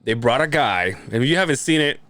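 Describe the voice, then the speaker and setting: A man's voice: mid-range voice, fast talker, very noisy. A man co-hosting a podcast in casual chat, telling stories with lots of laughter and swearing. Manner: animated storyteller, swears often, laughs a lot. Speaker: podcast co-host.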